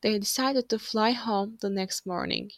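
A woman reading a children's storybook aloud in a clear, expressive, measured way. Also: mid-range voice, no room sound. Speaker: narrator.

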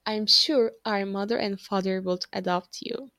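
A kind young girl from a storybook, soothing the children around her, as a woman puts her on. She speaks slowly and gently, with a motherly calm. The sound is dry and close. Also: medium pitch, no room sound. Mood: reassuring. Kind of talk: storybook reading.

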